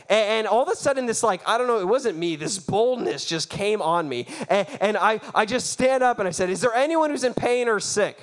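A man's voice: high-pitched, a little fast, hardly any pauses. A man preaching a sermon, telling a mission story with laughter and acted-out reactions. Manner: animated, laughing, acts out his own reactions.

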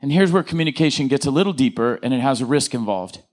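A male pastor preaching a lively sermon, joking with the congregation and asking them to answer back. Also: medium pitch, quick pace. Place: church.

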